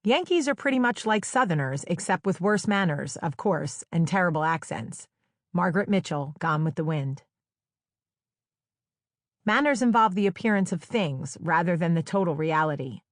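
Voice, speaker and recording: A woman's voice: fairly low pitch, lively intonation, moderate pace, no room sound. Wry woman narrating her memoir. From New Jersey. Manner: wry, conversational storytelling with playful quoted dialogue. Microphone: close studio microphone. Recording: dry, close studio sound.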